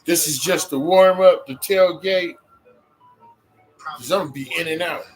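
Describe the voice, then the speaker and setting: A man's voice: on the high side, measured pace, faint music behind, rough recording. Laid-back man hosting a football chat. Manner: laid-back, agreeable, hesitant. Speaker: show host. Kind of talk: casual chat.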